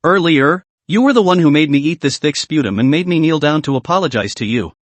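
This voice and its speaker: A man voicing a cold, ruthless young male fighter in a comic recap, speaking flatly and curtly. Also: fairly high pitch, brisk, no room sound. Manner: flat and curt.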